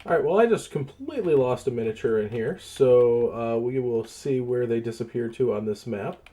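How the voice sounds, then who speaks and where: Mellow-voiced man running the game. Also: mid-range voice, expressive, normal speed. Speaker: game master. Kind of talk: casual game chat.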